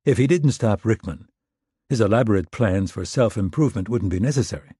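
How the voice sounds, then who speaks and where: A man narrating a thriller audiobook in a steady, measured, understated read. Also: on the low side, slightly rough, no echo, studio quality.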